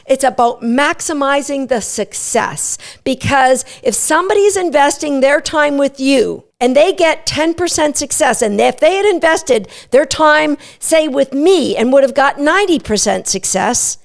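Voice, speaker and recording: High, gravelly woman coaching dog owners. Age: middle-aged. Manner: emphatic, coaching, lists points. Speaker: dog trainer and podcast host. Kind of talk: podcast monologue.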